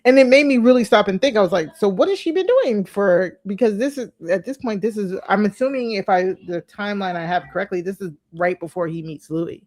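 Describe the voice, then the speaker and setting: A woman's voice: mid-range voice, normal speed, no room sound, clean studio sound. A woman co-hosting a podcast, chatting casually and animatedly, acting out her reactions. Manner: animated, laughing easily, acts out reactions. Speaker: podcast co-host. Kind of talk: casual recap chat.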